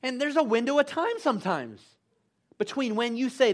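A man's voice: very high voice, expressive, brisk. A man preaching a sermon in a church, emphatic and full of call-and-response urging.

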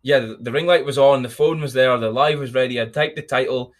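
A man's voice: mid-range voice, a little fast. Blunt, sweary man. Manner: profane, energetic, blunt. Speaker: podcast host. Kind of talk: motivational podcast monologue.

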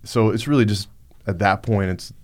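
A man on a podcast, recounting a personal story in a halting, reflective way with many fillers. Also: fairly low pitch. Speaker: podcast guest. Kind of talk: casual storytelling.

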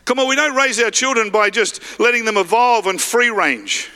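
A male pastor preaching a lively sermon, often calling out to the congregation. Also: extremely high pitch, moderate pace, clean tone. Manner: animated, calls to the congregation.

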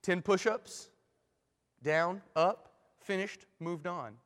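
A man telling a dramatic illustration story in a sermon, in an animated way. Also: high voice, slow. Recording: long hall reverb.

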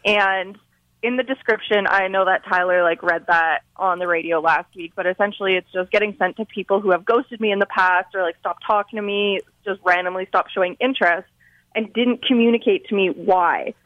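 A woman's voice: medium pitch, a little fast, no room sound. A woman in her twenties calling in on the phone, talking casually with lots of fillers. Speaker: caller, guest on the phone. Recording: dull, dry phone line.

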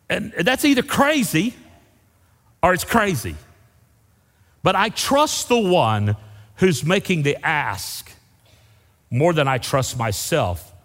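Male pastor, lively folksy sermon delivery, long church-hall reverb. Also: medium pitch. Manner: folksy storytelling, varied emphasis. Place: large church sanctuary.

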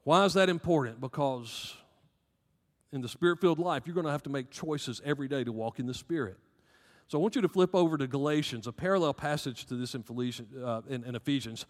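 A man's voice: mid-range voice, quick pace, big-room sound. A man with a Southern American accent preaching a sermon as pastor, emphatic, rising and dropping in volume.

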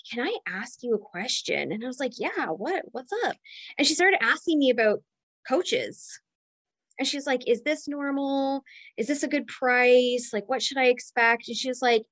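Gushing woman talking about her business group, kinda high voice, super dry sound. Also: a bit bright, dry recording. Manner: effusive, chatty, emotional. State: close to tears. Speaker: mastermind member and business owner. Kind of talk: heartfelt casual testimonial.

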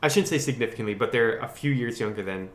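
A man co-hosting a podcast, chatting casually as he pitches a story and laughing often. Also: fast, reverberant. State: has hiccups. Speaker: podcast co-host.

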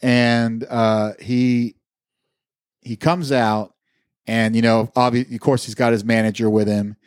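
This man's mid-range voice is level, slow, clear, and resonant, captured in a clean studio without echo. Co-hosting a podcast, he chats casually and spins out a long, meandering anecdote packed with fillers and casual cursing.

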